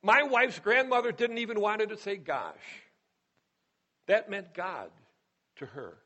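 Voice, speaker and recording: A man giving a sermon to a congregation, emphatic, with dramatic pauses and hushed moments of storytelling. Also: high-pitched, lively intonation, muffled recording. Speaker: Christian speaker.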